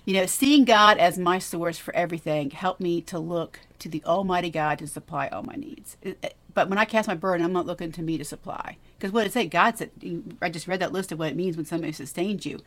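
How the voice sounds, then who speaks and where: A woman's voice: on the low side, fairly quick, hardly any pauses, a bit bright. A woman co-hosting a faith podcast, teaching in an earnest, encouraging way with emphatic repetition. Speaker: podcast co-host.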